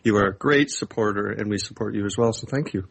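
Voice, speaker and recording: A man's voice: lowish voice, fast talker, gravelly, slight background noise. A man co-hosting a talk show, thanking a caller and steering the conversation with questions. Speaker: co-host. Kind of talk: casual chat.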